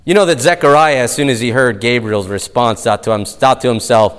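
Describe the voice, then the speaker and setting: A man preaching a sermon as a pastor, emphatic and given to drawn-out storytelling. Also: mid-range voice, fairly bright tone, clear, resonant tone, in a large hall.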